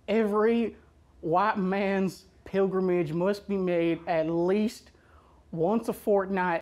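A woman's voice: medium pitch, natural voice. A woman voicing a brash, boastful American patriot in an exaggerated Southern accent. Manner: boastful, whooping, rambling.

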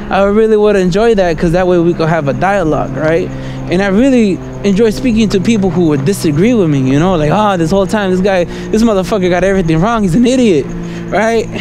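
Out on a city street at night, a high-pitched man vlogs a loose, stream-of-thought monologue over background noise. He keeps asking "right?" and "you know?" and chuckles between ideas.

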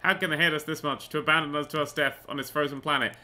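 Male gaming host, let's play commentary; tense, very bright tone, slightly high; sarcastic, tangent-prone, casual swearing. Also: steady tone, fast talker. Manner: rambling, sarcastic, goes off on tangents.

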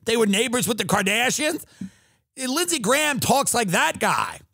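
A man rants mockingly through a comedy podcast, crude and animated. His voice is high and gravelly, with a lively swing, recorded dry and close. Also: moderate pace, no echo. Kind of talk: comedic rant.

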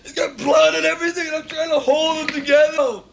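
A man's voice: very high voice, steady tone, a little fast, vocal fry, a bit bright, full character voice. An actor playing an anguished, traumatized male war veteran who is crying as he breaks down in a film drama. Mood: sobbing, anguished. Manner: ranting, then sobbing out a war memory.

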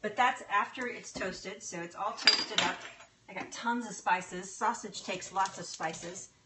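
A woman's voice: mid-range voice, unhurried, very noisy. A woman hosting a live cooking stream from her home kitchen, chatting with viewers and talking to the food as she cooks. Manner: chatty and bubbly, talks to food and thanks viewers warmly. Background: faint sizzling and stirring of cooking.

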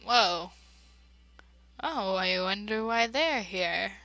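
A woman's voice: mid-range voice, slow, pauses often, sharp tone, no room sound, soft background music. A young woman giving casual game commentary with sarcastic, giggly asides. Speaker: let's play gamer.

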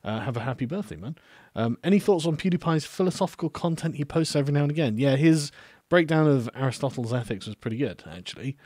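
A relaxed man hosting a livestream and chatting his way through viewer messages, often pausing on "um" and laughing easily. His voice sits at an ordinary middle pitch. It is recorded close and dry, with no room sound. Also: dry recording. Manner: relaxed, hesitant with many ums, laughs often. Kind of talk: casual live-stream chat.

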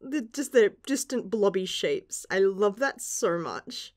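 A woman's voice: mid-range voice, expressive, measured pace, gravelly, few pauses, a little mellow. A young woman reacting casually to a manga chapter, gushing and giggling, with casual swearing. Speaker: manga reviewer.

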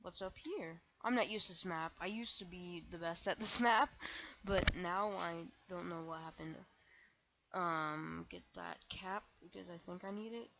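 A young woman commenting on her own gameplay, excitable and self-mocking, breaking into shrieks when panicked. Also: on the low side, a little slow, gravelly, highs cut off, a little hiss or hum. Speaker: gaming channel host.

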